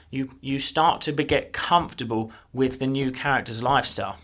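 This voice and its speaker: A man's voice: a little high, a little fast, fairly bright tone. A man, a coach, giving an earnest, encouraging motivational talk straight to the viewer from his desk. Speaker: manifestation coach. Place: at a desk in his own room.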